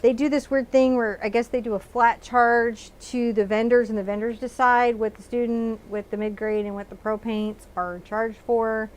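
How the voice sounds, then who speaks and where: A woman with a Texan accent leads a live painting lesson from her studio. Her voice sits a little high, and she chats along easily, talking through each step as she works on the canvas. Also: flat delivery, normal speed, hardly any pauses. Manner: chatty, narrates each step while painting. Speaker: painting instructor. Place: art studio.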